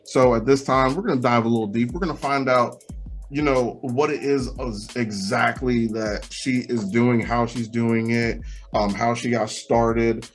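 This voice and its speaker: A man's voice: medium pitch, fairly even intonation, a little slow. A man with a mid-range voice hosts a podcast, easing into his questions and encouraging his guest as he goes. He keeps it loose, with plenty of "like" and "you know". Faint music plays under him. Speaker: podcast host. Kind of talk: casual interview.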